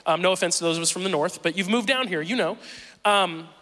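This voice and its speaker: Man, Southern accent, preacher, animated storytelling, fairly high voice, echoing church hall. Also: fast talker. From Southern Missouri. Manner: animated, self-deprecating storytelling. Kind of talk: sermon with personal storytelling.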